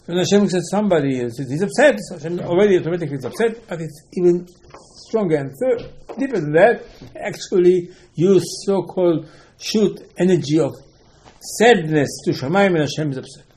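A man's voice: on the high side, animated, a little fast, darkish tone, a little hiss or hum, low-quality recording. Man giving a rambling religious talk. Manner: rambling, repeats words, asks and answers himself; non-native English grammar. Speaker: religious teacher. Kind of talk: informal religious lecture.

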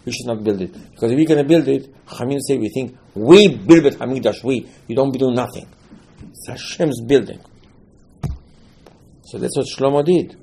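Husky, mellow-voiced male preacher. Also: mid-range voice, moderate pace. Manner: animated storytelling, acting out quotes; emphatic, repeats key words. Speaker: religious teacher. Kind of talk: sermon on scripture.

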